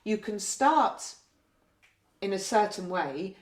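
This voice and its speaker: A nurse explaining care to health staff in a gentle, patient way, often ending points with tag questions. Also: female voice, mid-range voice, lively intonation, slow. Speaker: community learning disability nurse. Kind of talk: training talk with role-play. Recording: roomy echo.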